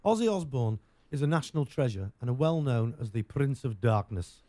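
Chatty English man, animated, mellow tone. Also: medium pitch, fairly quick, dry recording. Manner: chatty, rambling, jokey. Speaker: radio show host. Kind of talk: casual on-air banter.

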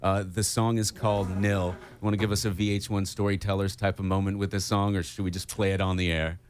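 A man's voice: low-pitched, flat delivery, fairly quick, clean tone. A man hosting a casual radio interview, chatty and enthusiastic with plenty of ums and uhs. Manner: chatty, enthusiastic, lots of fillers. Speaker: radio host.

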